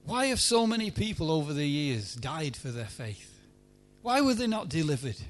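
A man preaching a sermon at a church meeting, emphatic, swinging between loud pleading and hushed lines. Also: on the high side, big pitch swings, normal speed.

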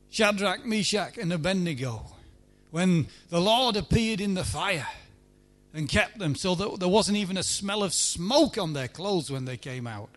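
A man preaching a sermon at a church meeting, emphatic, swinging between loud pleading and hushed lines. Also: sits high.

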